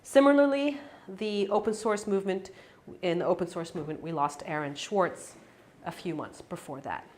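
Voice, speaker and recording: A woman's voice: on the low side, moderate pace, a little mellow, slight background noise. A woman giving a conversational academic talk in a lecture room, with frequent fillers and restarts. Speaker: academic speaker. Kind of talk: conference talk.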